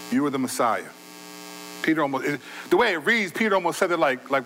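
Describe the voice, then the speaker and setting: A man with a high-pitched voice preaches a sermon in a conversational way. He swings between loud bursts and quiet, low asides. A faint electrical hum sits under the recording. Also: a little fast, poor audio. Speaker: pastor.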